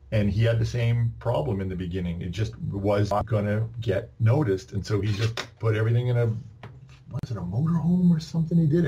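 Low-voiced man telling stories. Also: dull audio, a little hiss or hum. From Canada. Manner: rambling, many restarts, animated quoting. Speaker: podcast guest. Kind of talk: casual storytelling.

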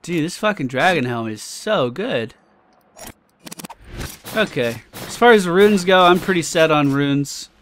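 A man hosting a let's play, giving casual gameplay commentary in an excitable way, swearing often and reacting loudly to loot. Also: on the high side, a little slow, pauses often, a little hiss or hum.

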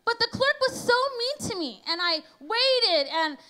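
High, bright-voiced woman preacher. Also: big pitch swings, unhurried. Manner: chatty, storytelling, frequent "you know" and "right?". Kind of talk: conversational sermon. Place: church.

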